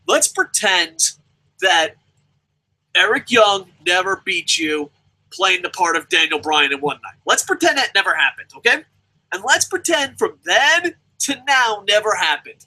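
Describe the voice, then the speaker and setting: Young guy ranting about wrestling, swears nonstop, husky voice that swings all over the place. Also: high-pitched, bright, forceful tone, low-quality recording. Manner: swears constantly, rants, mimics people mockingly. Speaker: wrestling show reviewer. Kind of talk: profane ranting review.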